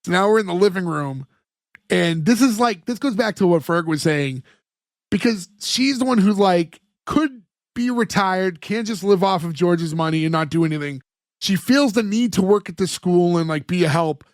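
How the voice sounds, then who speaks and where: A man's voice: sits high, expressive, moderate pace, no echo, studio quality. A man co-hosting a podcast in casual chat, retelling scenes at length with lots of "like" fillers. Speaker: podcast co-host recapping a sitcom episode.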